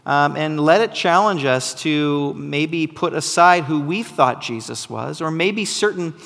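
A man's voice: on the high side, a bit bright, long reverb tail. A man, a pastor, reading scripture aloud and preaching a Sunday sermon, breaking off to explain and teach. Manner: reads aloud with asides, teaching tone.

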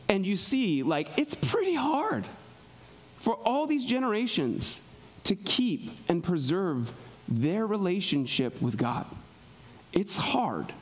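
A man preaching a sermon in a conversational way, often checking in with "right?", moving between soft low asides and raised, emphatic passages. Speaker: pastor.

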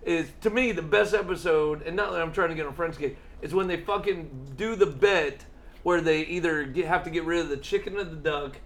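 A young man co-hosting a casual podcast chat, excitable and swearing often as he retells scenes in voices. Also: on the high side, a little fast. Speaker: podcast co-host.

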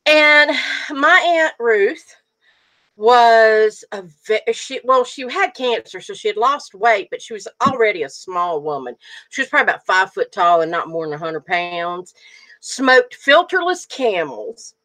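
A woman's voice: fairly high pitch, expressive, a little slow, pushed and bright. A middle-aged woman co-hosting a casual chat, telling stories and laughing often. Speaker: podcast co-host.

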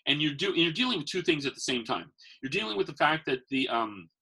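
Gravelly, husky man telling stories. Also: fairly high pitch, sing-song, a little fast, pushed and bright, low-quality recording. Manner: rambling, acts out quoted voices. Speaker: professional Santa and magician. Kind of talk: casual conversational storytelling.

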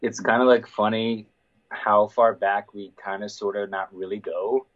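A man's voice: lowish voice, steady tone, moderate pace, dull audio. A man in his twenties from Iowa, a grad student chatting in a joking, laid-back way as a podcast guest. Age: 20s. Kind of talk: casual podcast interview.

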